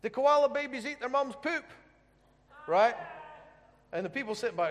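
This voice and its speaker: A man with a high-pitched voice preaches in a joking, storytelling manner and keeps checking in with his listeners. His voice rings out with a long reverb, as in a large hall. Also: lively intonation, normal speed, long pauses, fairly bright tone, a little hiss or hum. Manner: humorous, chatty storytelling with questions to the audience. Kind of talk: sermon.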